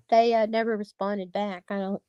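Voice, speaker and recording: A woman's voice: mid-range voice, no room sound, lo-fi sound. A woman chatting casually as a guest on a stream, talking earnestly and rambling with many restarts. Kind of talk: casual chat.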